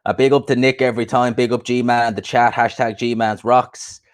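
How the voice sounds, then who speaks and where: A young man hosting a casual boxing livestream, chatting loosely and giving repeated shout-outs to viewers. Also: medium pitch, flat delivery, moderate pace. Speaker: boxing podcast host.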